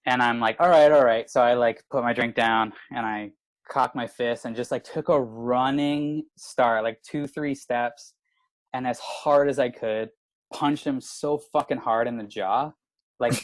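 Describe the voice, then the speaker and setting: A man's voice: medium pitch, unhurried, no room sound, low-quality recording. A man in his thirties from Canada, a comedian telling a rowdy story in casual podcast chat, swearing and saying "like" constantly. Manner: animated, swearing, lots of filler "like". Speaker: comedian guest.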